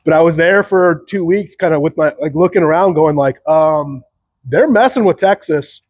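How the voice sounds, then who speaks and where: A podcast host with a fairly high, steady voice at a moderate pace runs a solo opinion show. He rambles sarcastically, chuckles often, and mocks others in put-on voices.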